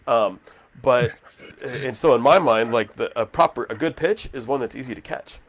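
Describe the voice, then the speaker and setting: A man's voice: medium pitch, normal speed. A man co-hosting a casual book discussion, talking in a folksy, self-deprecating way and telling stories. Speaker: podcast co-host.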